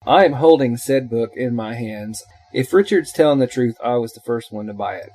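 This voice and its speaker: Excited, emphatic male podcast co-host. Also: normal speed. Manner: enthusiastic, emphatic pitching. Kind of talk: casual chat.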